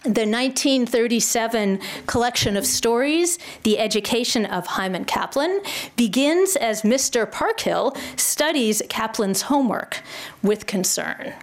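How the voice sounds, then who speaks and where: A woman giving a public lecture, telling jokes deliberately, with rising intonation on punchlines. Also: fairly high pitch, animated.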